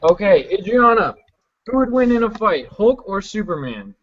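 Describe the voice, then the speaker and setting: A co-host reads out viewer questions and prods the guests to think before they answer. The pitch moves around a lot. The sound is dull and lo-fi, like a video call. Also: very animated, normal speed. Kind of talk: casual chat.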